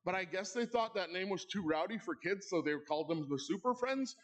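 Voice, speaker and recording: High-voiced man telling a comic story. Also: lively intonation, brisk, fairly bright tone. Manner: playful, with wry asides to the audience. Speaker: awards ceremony host. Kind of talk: comedic storytelling monologue. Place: live event in a club hall.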